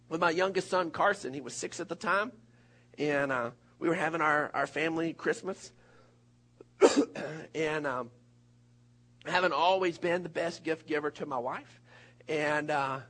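Middle-aged male pastor, sermon with lively storytelling, high voice, a little husky. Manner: animated storytelling, bursts of loud high exclamations.

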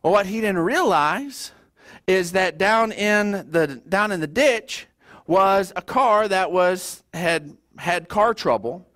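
A middle-aged man, preaching a sermon as a pastor, telling stories in a folksy, animated way with stammered restarts. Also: sits high, slow. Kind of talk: sermon with storytelling.

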